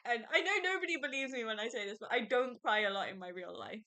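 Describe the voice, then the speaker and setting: A woman's voice: on the high side, fast talker, few pauses, bright, forceful tone. A young woman hosting a podcast, chatting casually and emotionally about a book she loves, often laughing. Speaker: podcast host. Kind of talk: casual book review chat.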